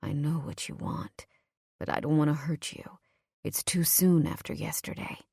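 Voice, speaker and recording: A woman voicing an intense, possessive young man in an audiobook, in a low, murmured, earnest way. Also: normal speed, gravelly, dark tone, slightly rough, no room sound, clean studio sound, exaggerated voice. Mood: tender. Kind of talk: audiobook character voice.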